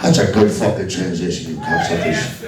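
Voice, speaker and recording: A man's voice: deep voice, normal speed, heavy background noise. A man from Alabama doing a crude, profane stand-up comedy set on a club stage. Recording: echoey club from a distance with crowd laughter.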